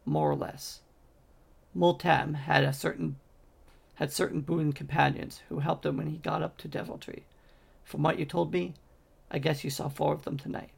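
A man's voice: fairly high pitch, level tone, normal speed, vocal fry, breathy edge, exaggerated voice. A man voicing a scheming male magician who speaks in a clipped, cold, commanding way. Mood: cool.

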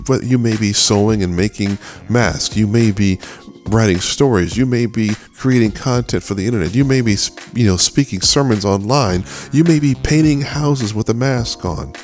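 A man's voice: lowish voice, a little mellow. A middle-aged man hosting a devotional talk, earnest, often repeating and restarting words as he speaks. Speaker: podcast host.

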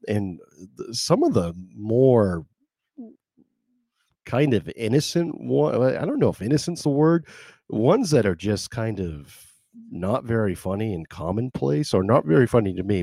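A man's voice: on the low side, vocal fry, warm tone, slightly rough, dry recording, studio quality. A man hosting his podcast live, rambling in casual chat with wry asides. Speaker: podcast host.

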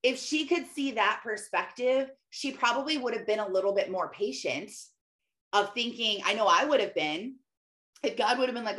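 A woman sharing a casual devotional talk, retelling a scripture story in her own words. She speaks in a relaxed, conversational way, dropping "like" as she goes. She is a mother speaking plainly to her listeners about belief. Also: a little high, normal speed. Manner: conversational retelling with frequent "like" fillers. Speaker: mother sharing faith reflections.

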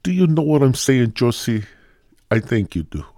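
A man's voice: mid-range voice, very animated, moderate pace, dark tone, no room sound, studio quality, pitched above the performer's own voice. A man putting on an exaggerated Mexican accent as a coaxing, insistent character.

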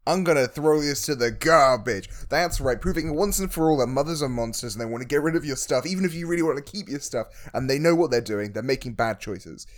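A man co-hosting a podcast, recapping a film with wry, deadpan jokes about its themes. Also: mid-range voice, fast, few pauses. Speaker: podcast co-host. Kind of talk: casual film recap chat.

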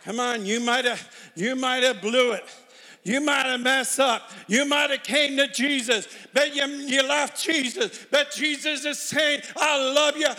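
Male preacher, very high and bright voice, slow shouted delivery, long hall reverb, repeats "come on". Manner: repeats "come on" constantly, call-and-response urging. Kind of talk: shouted revival sermon. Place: large church hall.

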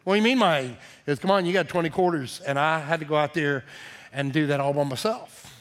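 A middle-aged man, a pastor preaching a sermon in a folksy, animated storytelling manner. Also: on the high side, fairly quick.

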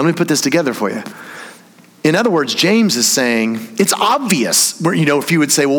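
A man's voice: mid-range voice, fairly bright tone. A man from Tennessee, preaching a sermon and telling a story with humor and acted-out voices. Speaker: pastor. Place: church. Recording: reverberant church hall.

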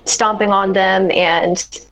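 A woman playing a tabletop role-playing game, eager and quick to laugh. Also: mid-range voice, steady tone, a bit bright, low-quality recording. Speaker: player. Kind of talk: casual tabletop game play.

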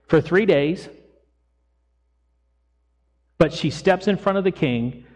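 A man preaching a sermon as pastor, retelling a Bible story in a lively storytelling way and voicing its people casually. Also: a little high. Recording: long echo of a church hall.

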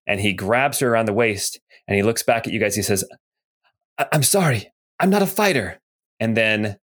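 A man running a tabletop game as game master, narrating in an easygoing way with lots of fillers. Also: lowish voice.

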